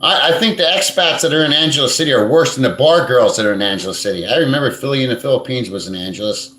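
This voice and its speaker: A live-streaming man with a mid-range, sharp-toned voice talks at a quick pace. He responds to viewer comments in a blunt, crude, rambling style, swearing freely, and the room sounds echoey.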